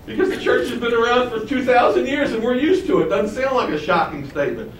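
Heard from far off the mic in a spacious, reverberant church, a high-voiced pastor preaches at a fairly quick pace over a little hiss or hum. He asks the congregation rhetorical questions, his pitch and volume rising and falling energetically.

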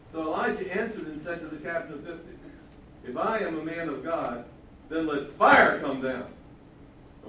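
A man teaching the Bible in a conversational sermon, with casual, chuckling asides and questions to the listeners. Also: fairly high pitch. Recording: echoey hall from far off, faint noise.

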